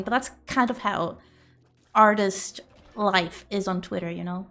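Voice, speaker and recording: A woman's voice: mid-range voice, a little slow, a bit bright, faint music behind. A young woman streaming, chatting casually and rambling with giggles and loose swearing. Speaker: streamer and artist.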